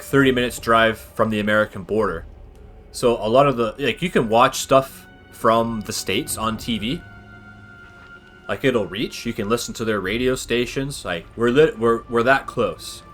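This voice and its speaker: A man's voice: medium pitch, moderate pace, fairly bright tone, soft background music. A young man, chatting casually over strategy gameplay and drifting into long tangents. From Canada. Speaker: gaming channel host.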